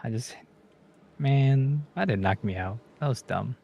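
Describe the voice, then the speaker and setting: A man's voice: medium pitch, unhurried, gravelly, darkish tone, slightly rough. A man hosting a casual trading livestream, joking and humming to himself between comments on the market. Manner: joking, mumbled asides and hums. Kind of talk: casual chat over live trades.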